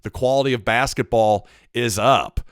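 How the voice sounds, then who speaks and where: A man's voice: mid-range voice, normal speed, clear, resonant tone, no echo, studio quality. A man hosting a solo sports podcast, talking through his opinions conversationally with wry asides. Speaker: podcast host.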